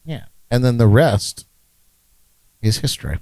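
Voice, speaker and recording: A man's voice: mid-range voice, a little slow, a little mellow, no room sound, rough recording. A man hosting a casual podcast, joking and laughing at himself as he talks. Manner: jokey, laughs often, self-deprecating. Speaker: podcast host. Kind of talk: casual chat.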